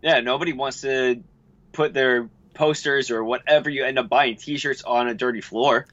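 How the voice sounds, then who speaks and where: A man's voice: medium pitch, fairly even intonation, moderate pace, a bit bright, dull audio. A man co-hosting a podcast, mostly offering short, sympathetic replies to his partner's story. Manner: supportive listener with short agreeing replies. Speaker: podcast co-host. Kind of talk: casual chat.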